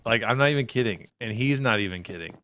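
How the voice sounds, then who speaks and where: A man's voice: mid-range voice, animated, fast talker, sharp tone, a little hiss or hum. A man co-hosting a podcast in casual chat, often hesitating while searching for words. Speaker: podcast co-host.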